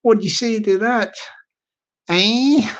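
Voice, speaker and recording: A man's voice: high voice, slow pace. A man from the UK with a British accent, hosting a live stream in rambling banter, repeating phrases and chuckling often. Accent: British English. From United Kingdom. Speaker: livestream host. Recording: dull lo-fi stream audio.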